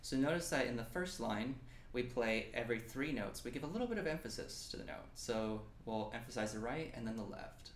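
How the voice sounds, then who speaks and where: A young man from New Mexico leads a snare drum lesson, talking through technique in an encouraging way and counting beats aloud. His voice rings around a roomy space. Loud drumming sits behind him. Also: mid-range voice, expressive, a little fast, background noise. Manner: encouraging, counting aloud while playing along. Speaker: percussion teacher. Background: snare drum and practice pad playing.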